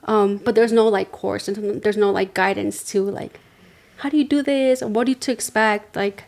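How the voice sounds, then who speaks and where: A woman's voice: medium pitch, fairly even intonation, normal speed, creaky, darkish tone. Young woman on a panel, thoughtful, lots of ums and likes. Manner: reflective, many fillers. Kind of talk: casual panel discussion.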